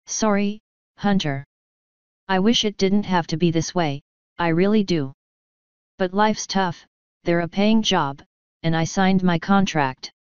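A woman gives voice to a tough female griffon mercenary, blunt and matter-of-fact about her work. Her voice sits low and stays very smooth. It is recorded dry with a slightly dull sound. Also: unhurried, long pauses, darkish tone, no room sound, natural voice. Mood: offhand. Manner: blunt, offhand.

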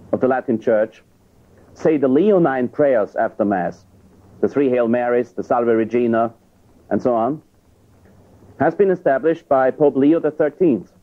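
A priest giving an emphatic lecture on church teaching, arguing with rhetorical questions. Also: male voice, medium pitch, a little slow, long pauses. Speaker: priest and theologian. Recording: tinny lo-fi archive recording.

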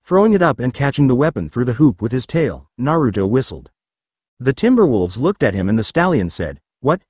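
Brief: male fan-fiction reader, expressive storyteller, mid pitch, dry recording. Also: brisk, slightly rough, no echo. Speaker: narrator. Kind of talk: reading fan fiction aloud.

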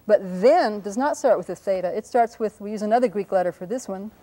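A linguistics lecturer at a whiteboard, a woman with a mid-range, dark-toned voice, talks fast over a rough recording. She patiently sounds out example words, catching her own slips and apologizing for them as she explains the lesson.

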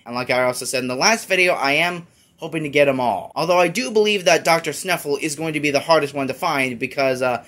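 A man's voice: a little high, fast talker, fairly bright tone. A man giving a casual, rambling toy review with many fillers. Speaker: toy collector YouTuber.

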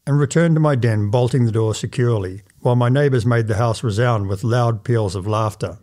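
A man narrating an old first-person story as a measured, formal audiobook reading. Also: medium pitch, darkish tone.

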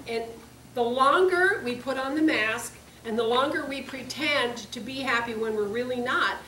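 A woman's voice: high voice, a bit bright. A woman giving a personal testimony sermon, earnest and confessional, repeating phrases for emphasis. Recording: echoey room, distant mic, faint hiss.

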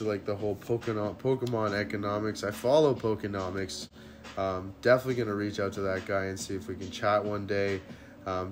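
A man hosts a casual card-opening video, talking straight to his viewers. He is excitable, his voice leaping up high at good pulls before sinking back to soft murmurs. Music plays clearly behind him. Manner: excitable, jumps up high when hits appear, then drops to low murmurs. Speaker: card-opening channel host. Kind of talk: casual unboxing chat to viewers. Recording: music playing under the voice.

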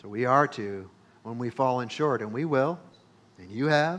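A male pastor preaching a sermon, emphatic, repeating phrases and building to loud peaks. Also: mid-range voice, moderate pace.

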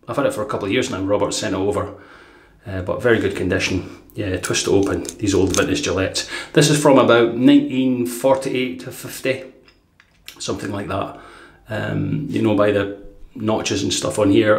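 Guy doing a laid back shave review, lots of ums, roomy echo. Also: medium pitch. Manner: relaxed, rambling, many fillers. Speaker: shaving channel host. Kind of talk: casual product review vlog.

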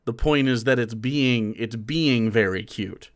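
A man's voice: medium pitch, unhurried. A man in his thirties streaming live, commenting casually on a video and rambling in an incredulous way with many fillers and restarts.

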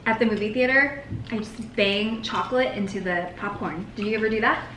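A woman's voice: mid-range voice, a little fast, a bit bright. A young American woman co-hosting a food video, chatting casually and laughing often as she eats. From United States. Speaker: co-host. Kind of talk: casual chat while eating. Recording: echoey room with faint noise.

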